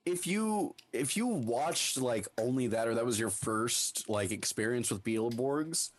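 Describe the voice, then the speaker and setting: A man's voice: medium pitch, expressive, a little slow. A man co-hosting a casual podcast, joking bluntly and swearing freely. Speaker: podcast co-host. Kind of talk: casual chat.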